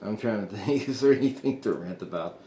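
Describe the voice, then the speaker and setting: Rambling man with a low voice. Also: expressive, a little fast, mellow, reverberant, a little hiss or hum. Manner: meandering, chuckling often, trailing off. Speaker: podcast host. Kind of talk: casual rambling monologue.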